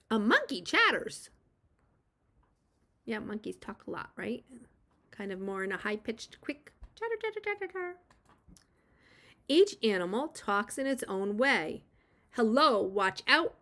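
Slow, gentle preschool teacher reading aloud. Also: female voice, mid-range voice. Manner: gentle, slow and encouraging, prompting children to join in. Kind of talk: reading a picture book aloud to young children.

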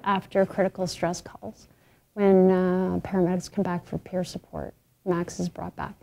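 A woman who leads a paramedic peer support program, speaking earnestly and in a measured way in a documentary interview. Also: on the low side, little pitch movement, gravelly, mellow, soft background music.

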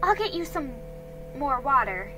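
A woman's voice: high-pitched, big pitch swings, measured pace, pitched above the performer's own voice. A woman voicing a sweet, eager young woman, curious and chatty, read over background music.

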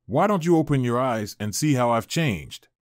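A man's voice: medium pitch, expressive, moderate pace, no room sound, lightly acted. Man reading a shy, pleading six-year-old boy; storybook, dry close read.

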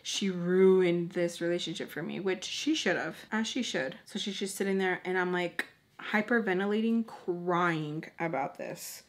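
A young woman in her twenties telling a personal story while doing her makeup, chatty and animated, filling her speech with "like" and acting out the people she quotes. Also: fairly low pitch, a little slow. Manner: animated, lots of filler "like", acts out quoted people. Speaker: beauty vlogger.

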